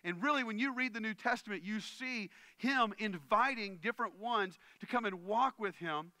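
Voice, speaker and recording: A man preaching a sermon with a high, very bright and ringing voice. His delivery is earnest and conversational, and he often turns to the crowd to check they are with him. The sound is clean and close, with no room echo. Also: normal speed. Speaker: pastor.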